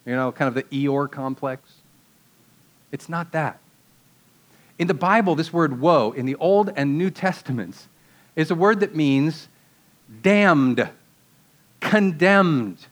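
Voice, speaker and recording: Conversational preacher man, slightly high voice. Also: a little slow, pauses often. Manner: conversational, rhetorical questions, casual asides. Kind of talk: sermon.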